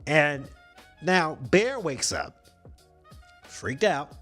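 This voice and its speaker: Podcast guy retelling a movie, slangy and swearing, voice bounces up and down a lot, a bit high. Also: drawn-out words, faint music behind. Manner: animated, slangy storytelling with swearing. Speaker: podcast host. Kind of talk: casual movie recap.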